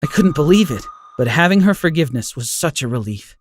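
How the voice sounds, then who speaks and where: A man narrating an animated first-person story in an emotional, expressive way. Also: fairly high pitch, brisk, a little hiss or hum.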